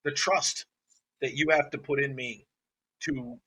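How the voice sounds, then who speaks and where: A man's voice: medium pitch, steady tone, unhurried, bright, forceful tone, husky. A man who hosts a podcast as a dog trainer, talking bluntly and animatedly and swearing freely. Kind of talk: casual podcast chat.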